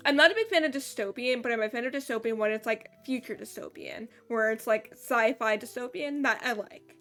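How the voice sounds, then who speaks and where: A woman's voice: a little high, fairly bright tone. A woman streaming a video game, chatting casually and reading the dialogue aloud, with a sore throat. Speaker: gameplay streamer. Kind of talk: casual let's play commentary.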